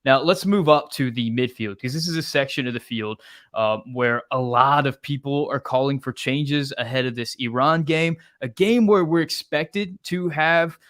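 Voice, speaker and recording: A man's voice: mid-range voice, moderate pace, fairly bright tone. A man from the United States hosting a soccer preview show, talking energetically and reading viewer comments aloud. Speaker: podcast host. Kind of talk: sports analysis chat.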